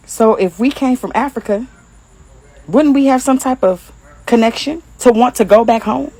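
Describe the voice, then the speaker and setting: A woman's voice: a little high, moderate pace, dark tone, rough recording. A woman from Detroit with a Detroit accent, speaking in a blunt, mocking casual monologue and laughing often.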